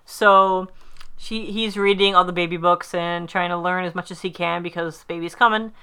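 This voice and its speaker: A woman recaps a sitcom episode in casual conversation, rambling with plenty of fillers and acting out the characters' lines. Her fairly low voice is clear, sharp and resonant, with fairly even intonation at a normal speed.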